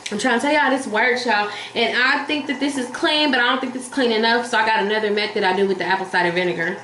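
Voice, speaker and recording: Brief: woman vlogger, fairly high voice, animated and blunt storyteller, echoey room recording. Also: fast. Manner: animated, blunt, profane, addresses viewers as y'all. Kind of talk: casual storytime chat. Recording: echoey room with faint hiss.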